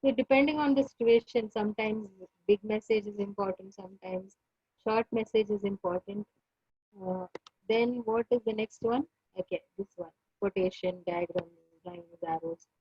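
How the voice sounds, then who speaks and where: A woman lecturer with an Indian English accent teaching an online class, repeating points and pausing on many fillers. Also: mid-range voice, slightly rough, no echo, muffled recording. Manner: repetitive, pauses with many fillers.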